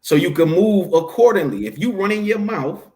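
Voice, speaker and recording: A man's voice: high voice, expressive, moderate pace, a little mellow. A man as an interview guest, talking emphatically and preacher-like, posing questions and answering them himself. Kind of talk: casual conversational interview.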